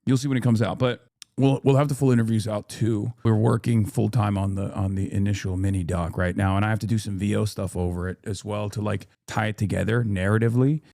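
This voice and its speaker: A man in his thirties chats loosely on a live stream, circling back and restarting his thoughts. His voice sits low and mellow. The sound is dry, with little room around it. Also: fairly even intonation, brisk, creaky, dry recording. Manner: rambling, many restarts and fillers, reads chat aloud. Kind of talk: casual live-stream chat.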